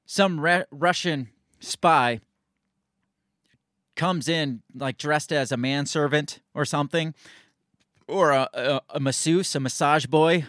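A man's voice: on the high side, a bit bright, no room sound, clean studio sound. A man hosting casual political commentary, sarcastic and rambling, often restarting his sentences and reading news excerpts aloud.

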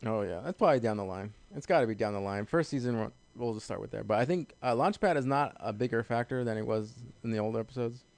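Man co-host, rapid casual banter, crude and blunt, dry close sound. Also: mid-range voice, animated, a little mellow, dry recording. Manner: fast, crude, cuts himself off and restarts. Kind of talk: casual chat.

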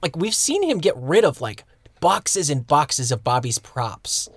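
A man's voice: on the high side, very animated, measured pace, a bit bright, no room sound. Blunt, sweary man on a podcast. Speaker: podcast co-host. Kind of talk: casual chat.

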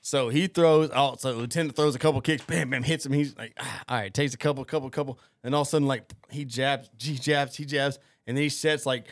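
A man's voice: medium pitch, fairly even intonation, brisk, hardly any pauses, dry recording. A young man hosting a podcast, telling a rambling, profane story in casual chat, full of fillers and restarts. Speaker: podcast host.

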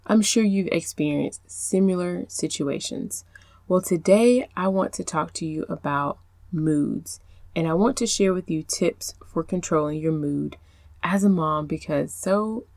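A woman's voice: lowish voice, no echo. A woman, hosting a podcast and coaching mothers in an encouraging, chatty way. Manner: warm encouraging, faith-based, speaks straight to listener. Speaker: podcast host and productivity coach. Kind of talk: casual podcast talk.

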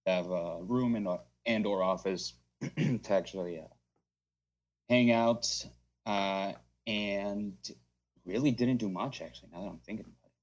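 A man co-hosting a podcast remotely from a home basement, talking in a low-key, dry way that trails off. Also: measured pace, long pauses, highs cut off. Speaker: podcast co-host. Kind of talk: casual chat.

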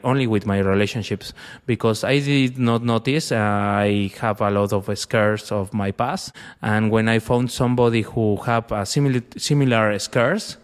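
Brief: young man, clear resonant voice, long reverb, halting storyteller. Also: fairly low pitch. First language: Spanish. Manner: halting, searching for words in a second language. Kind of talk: personal storytelling in conversation.

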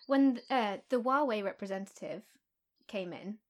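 A woman's voice: medium pitch, moderate pace. A young woman co-hosting a podcast, chatting casually and rambling with frequent laughter. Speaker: podcast co-host. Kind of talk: casual chat.

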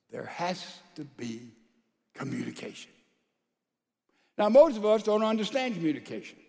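A male pastor preaching a sermon to a large church congregation, calling out to the crowd and swinging between loud and soft. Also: high voice, sing-song, normal speed, vocal fry, in a large hall. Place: large church sanctuary with a balcony.

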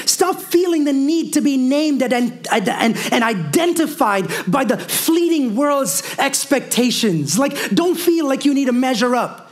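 A pastor whose pitch sits extremely high delivers a sermon full of asides and wry jokes, calling out to the congregation and drawing responses. When he makes declarations, he nearly shouts.

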